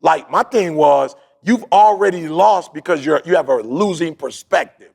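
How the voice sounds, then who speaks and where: A man's voice: fairly high pitch, expressive, normal speed, creaky, darkish tone, breathy edge. A man hosting a podcast, telling a story in a casual motivational way, acting out quotes and repeating his points. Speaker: podcast host.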